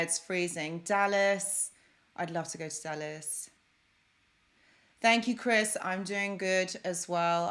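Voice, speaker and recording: A woman's voice: fairly low pitch, fairly bright tone. A woman hosting a live stream, chatting effusively with viewers and greeting them by name, then turning encouraging and reassuring. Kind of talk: casual live stream chat. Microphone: desk microphone.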